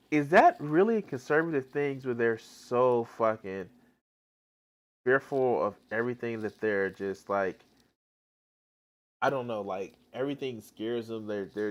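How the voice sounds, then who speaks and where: A man's voice: lowish voice, measured pace. A man live-streaming reaction commentary, exasperated and swearing heavily, with rambling restarts.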